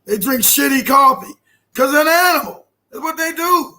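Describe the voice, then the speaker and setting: Man, very high voice, bright tone, casual podcast host, loud and joking. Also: animated, normal speed. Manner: loud, joking, slipping into shouted put-on scolding voices.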